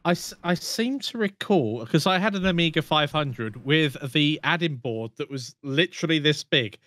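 A man's voice: a little high, lively intonation, moderate pace, fairly bright tone, no echo. Man, casual chat, reminiscing, dry close sound. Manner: reminiscing, chatty. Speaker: podcast co-host.

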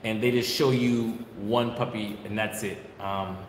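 A man's voice: on the low side, fairly even intonation, unhurried. Blunt man lecturing in an echoey kennel. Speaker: dog breeder. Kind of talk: casual vlog talk. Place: kennel with dogs barking behind. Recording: echoey room, noisy background.

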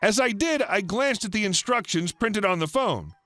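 A man reading a first-person story aloud as a scripted narration, in a flat deadpan storytelling manner. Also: high voice, moderate pace, no echo, faint music behind.

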